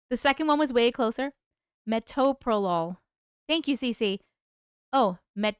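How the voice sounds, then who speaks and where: A woman's voice: fairly high pitch, lively intonation, takes it slowly, pauses often, clean tone, no room sound, clean studio sound. A woman hosting a casual livestream, chatting with viewers, laughing often and stumbling over hard words. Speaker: livestream host reading viewer stories.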